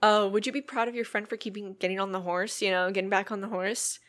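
Talking quickly and steadily, a young woman rambles through her own casual podcast with lots of fillers, earnest and reflective as she goes. She has a mid-range, fairly bright voice.

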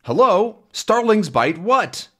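A man voicing a gruff, confused male sea captain from a comic, shouting into a telephone. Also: high voice, very animated, slow, voice pushed up, heavily acted. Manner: bewildered shouting into a phone.

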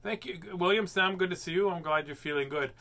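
A man's voice: high voice, brisk, bright, forceful tone. An older man hosting a live picture-book reading, playful and chatty, easily amused as he talks to his viewers. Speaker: host reading picture books aloud. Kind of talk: live read-aloud stream.

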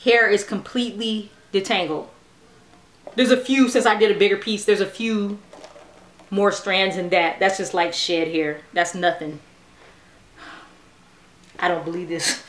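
A chatty, excitable woman talks straight to her viewers as she demos a product at home. Her mid-pitched voice rings out in a roomy, echoey space. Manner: excitable, chatty, addresses viewers as "you guys". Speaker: natural hair vlogger. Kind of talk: casual product demo chat. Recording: echoey room.

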